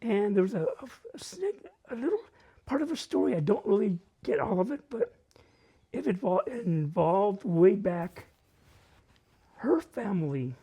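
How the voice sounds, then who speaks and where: A man's voice: high voice, lively intonation, unhurried, vocal fry, mellow, slightly rough. An older man telling self-mocking childhood stories at a library open mic, laughing as he goes. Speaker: storyteller. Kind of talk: open-mic personal storytelling. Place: library event room.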